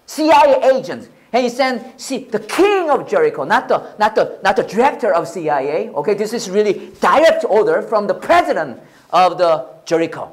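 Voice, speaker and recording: A pastor with a Korean accent preaching a sermon, animated and often checking with the audience. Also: male voice, sits high, moderate pace. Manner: animated, repeats and restarts, asks the audience "right?".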